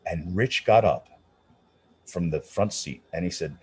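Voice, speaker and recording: Here a middle-aged opera singer talks a little slowly, his voice low and husky. He is giving a casual storytelling interview, animatedly relating anecdotes with many restarts and acted-out voices for the people he quotes.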